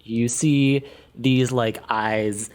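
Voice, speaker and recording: A man narrating as game master of a tabletop game, unhurried, with many fillers and quiet trailing phrases. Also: medium pitch, steady tone, clear, resonant tone.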